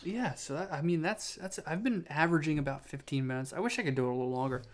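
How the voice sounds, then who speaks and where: A man's voice: a little high, fast. Tired young man rambling on his podcast. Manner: meandering, self-mocking, full of fillers and restarts. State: tired, yawning. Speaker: podcast host. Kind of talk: rambling solo podcast monologue.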